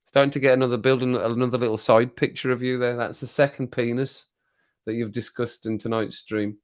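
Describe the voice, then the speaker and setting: A man's voice: mid-range voice, steady tone, a little fast. Chatty man hosting a live stream. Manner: chatty, reads viewer comments aloud and laughs often. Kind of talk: casual live-stream chat.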